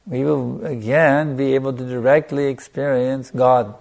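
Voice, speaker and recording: A man giving a sermon as a spiritual teacher, stressing points by repetition and letting a soft "you see" trail off after them. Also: medium pitch, little pitch movement, a little slow, creaky. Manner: emphatic, repeating phrases for stress.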